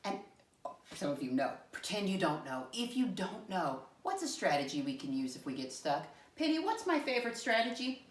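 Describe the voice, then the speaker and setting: A woman teacher walks young children through a math lesson, encouraging and animated. Her voice sits fairly low and swings widely in pitch as she coaxes answers. She sounds a little off-mic, in an echoey room. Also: moderate pace, far from the mic. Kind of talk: first-grade math lesson video.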